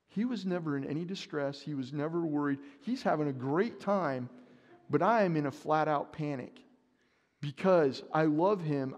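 A man's voice: a little high, darkish tone, dull audio. A man preaching a sermon, telling a story with animation and acting out his own panic. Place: church sanctuary. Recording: long church reverb.

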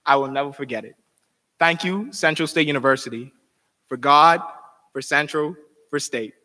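A man's voice: a little high, normal speed, bright, forceful tone. A young man giving a formal, heartfelt farewell address as an outgoing university title holder. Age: young adult. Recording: long reverb of a hall.

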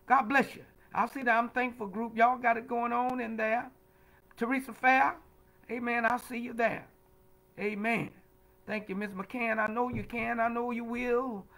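High, bright-voiced preaching man. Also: level tone, measured pace, poor audio. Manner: call-and-response preaching, frequent "amen" and "huh?"; repeats words, stammering restarts. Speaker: pastor leading Bible study. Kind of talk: livestreamed Bible study teaching.

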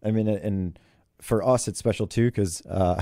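A man's voice: fairly low pitch, a little slow, dark tone, dry recording, studio quality. A man who is a head golf coach, telling stories in an interview in a chatty way and laughing often. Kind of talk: interview storytelling.

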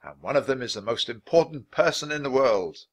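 A man reads a storybook aloud, voicing a kindly, theatrical playwright with a courtly, old-fashioned manner. His mid-range voice has lively intonation and a slightly fast pace, pitched a little above his natural voice yet close to everyday speech.

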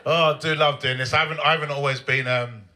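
A man's voice: a little high, steady tone, fast talker, pushed and bright. A man telling a chatty, giggly stand-up story on a comedy club stage. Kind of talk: stand-up routine. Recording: noisy live club recording.

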